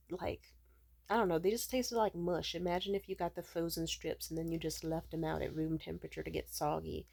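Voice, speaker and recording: A tired, sleepy young woman vlogger telling a story in casual chat, animated, laughing often and swearing freely. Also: on the low side, creaky.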